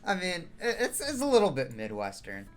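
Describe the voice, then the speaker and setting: A man's voice: high-pitched, huge pitch swings, a little fast, soft background music. A man co-hosting a casual podcast from his home, giving short, dry replies and swearing now and then. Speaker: podcast co-host. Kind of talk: casual chat over a call. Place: home in Pennsylvania.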